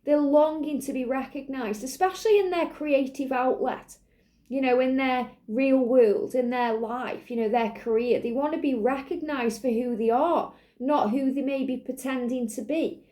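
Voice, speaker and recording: A woman with a high, soft and mellow voice gives an earnest spiritual reading straight to her viewers. She reassures them again and again and fills her talk with "you know". Now and then she clears a slight cough from her throat. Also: moderate pace. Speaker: spiritual reader. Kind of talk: channelled tarot-style reading to viewers.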